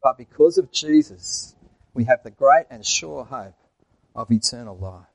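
A man's voice: medium pitch, expressive, a little slow, vocal fry, breathy edge, dry recording, poor audio. A man preaching a sermon in church, asking the congregation questions and telling jokes.

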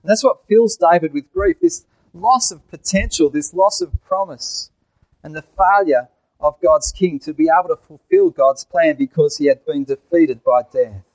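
A man's voice: fairly high pitch, normal speed, darkish tone, no room sound, rough recording. A man preaching a sermon in church, asking the congregation questions and telling jokes.

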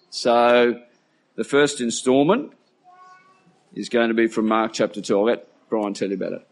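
A man leading a church service who introduces the Bible reading, hesitant and stopping to fill pauses. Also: mid-range voice, faint music behind. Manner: hesitant, with fillers. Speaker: service leader. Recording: echoey church hall.

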